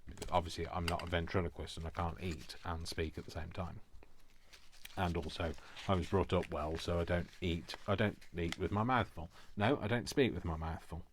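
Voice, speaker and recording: A man's voice: sits low, fairly even intonation, brisk, a little hiss or hum. A man chatting casually and rambling with self-mocking asides while he makes a craft journal. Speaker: craft vlogger.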